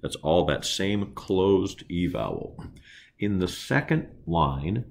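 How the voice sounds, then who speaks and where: A man leading a choir diction lesson, explaining vowel sounds carefully and singing slow demonstrations. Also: deep voice, animated, creaky, slight background noise. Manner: unhurried, careful teaching with slow sung demonstrations. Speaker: choir director.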